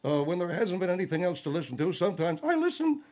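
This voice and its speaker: A man's voice: sits high, big pitch swings, fast talker, a little mellow, muffled recording. A man playing a pompous general who blusters and stumbles through his claims. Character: pompous self-assured male general on a radio show.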